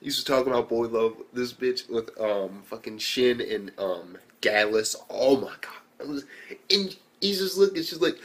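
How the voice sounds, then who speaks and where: A young man giving a casual anime review, animated and swearing freely as he retells scenes. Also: a little high, normal speed. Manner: animated, swears a lot, acts out quotes.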